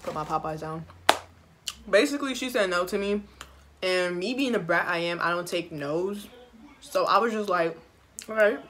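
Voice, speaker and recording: A woman's voice: lowish voice, normal speed, long pauses, fairly bright tone, a little hiss or hum. A young woman vlogger telling a storytime while eating, chatty, slangy and profane, talking straight to her viewers. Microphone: phone camera.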